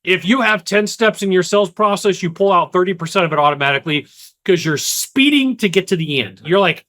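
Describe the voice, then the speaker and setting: A man giving an energetic solo talk of sales advice, emphatic and repetitive, now and then acting out the quick voices of other people. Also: high-pitched. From Kentucky. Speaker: sales coach.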